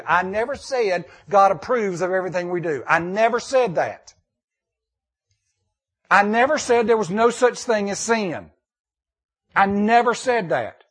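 A man preaching a sermon, reading scripture and repeating key lines emphatically with dramatic pauses. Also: high-pitched, animated, a bit bright, husky. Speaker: pastor.

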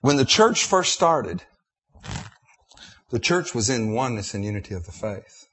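A man's voice: mid-range voice, big pitch swings, moderate pace, a bit bright, breathy edge. A middle-aged man preaching a sermon, emotional and repetitive, with restarts.

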